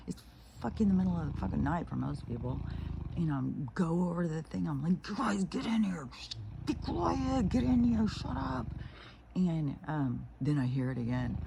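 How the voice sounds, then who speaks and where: A woman's voice: a bass voice, vocal fry, background noise. A woman vlogging casually from home in the early morning, talking loosely and digressively and swearing freely. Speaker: spiritual vlogger. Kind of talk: casual rambling monologue.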